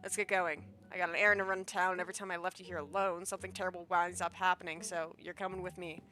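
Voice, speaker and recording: A scowling, grumpy cousin in a narrative game talks in a blunt, dismissive way, as a woman voices her. She is pitched a little lower than the reader's own voice, with a bright edge. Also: little pitch movement, fast, soft background music. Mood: gruff.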